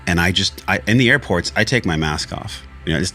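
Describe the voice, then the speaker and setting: Low-voiced male podcast host, earnest and heartfelt, casual and profane, faint music under him. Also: a little fast, hardly any pauses, bright, forceful tone. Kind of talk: solo podcast monologue.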